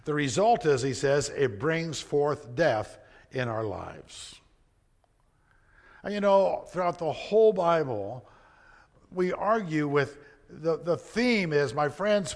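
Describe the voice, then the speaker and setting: A man preaching a sermon, earnest and conversational, swinging between emphatic points and hushed, quiet asides. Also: on the high side. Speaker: pastor.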